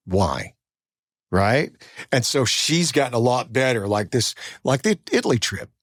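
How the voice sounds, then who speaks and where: Animated male podcast host, dry sound. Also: mid-range voice, measured pace, no echo. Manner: animated, self-deprecating, acts out quoted voices. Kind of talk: casual conversational storytelling.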